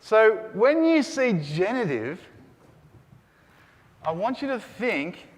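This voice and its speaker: A man in a lecture room teaches Greek grammar, his high voice unhurried and echoing as in a big space. He drills the class with lively call and response, eventually shouting.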